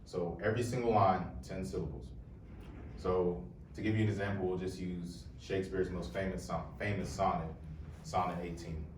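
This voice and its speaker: A deep-voiced young poet and presenter talks casually and jokingly to a live audience, addressing the crowd directly. The room is echoey, his voice sounds far off, and there's a little hiss or hum.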